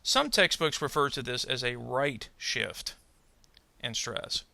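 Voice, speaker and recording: Bright, crisp-edged male teacher voice. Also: medium pitch, expressive, no echo. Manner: slow, deliberate, models example words twice. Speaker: English pronunciation teacher. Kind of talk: instructional narration.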